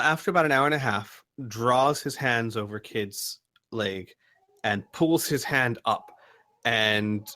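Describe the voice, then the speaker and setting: A man narrating as game master for a tabletop game, halting with frequent ums and restarts. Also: mid-range voice, bright, forceful tone.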